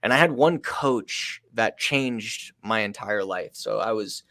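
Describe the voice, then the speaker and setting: A man in his thirties, a guest on a sales podcast, telling a story in an energetic, emphatic way. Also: fairly low pitch, takes it slowly, no room sound. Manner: energetic, emphatic, acts out a coach's pep talk. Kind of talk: storytelling in an interview.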